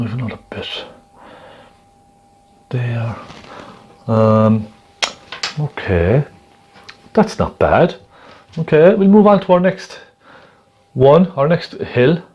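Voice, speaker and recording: Man, painting instructor, talks the viewer through each step, mid-pitched voice, slightly muffled sound. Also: lively intonation, slow, long pauses, slightly rough. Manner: gentle, chatty, keeps checking in with the viewer.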